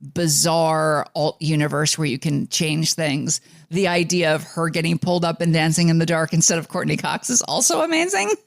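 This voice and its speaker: Guy from the ny suburbs riffing on a podcast, kinda gravelly, lots of "like" and restarts, dry close sound. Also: on the high side, level tone, normal speed, few pauses, no room sound. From New York suburbs. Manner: rambling, with many fillers and restarts. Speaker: podcast co-host. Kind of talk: casual chat.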